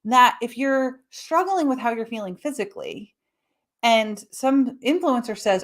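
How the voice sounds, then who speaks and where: Hosting a health podcast streamed live, a woman whose voice sits high explains things energetically, acting out her examples with brief, playful voices.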